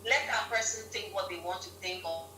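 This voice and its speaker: A woman from Ghana, a guest on a live-stream interview, telling stories in an animated way and laughing often. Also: on the low side, fairly quick. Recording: roomy, distant mic with faint hum.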